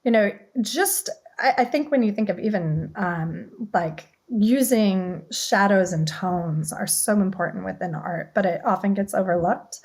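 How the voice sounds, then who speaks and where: A woman's voice: medium pitch, unhurried, hardly any pauses, darkish tone. A woman talks as a guest on a podcast interview, in a mid-range voice. She speaks fluently and upbeat, often adding "you know" and "right". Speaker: guest, communications head. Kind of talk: casual interview chat.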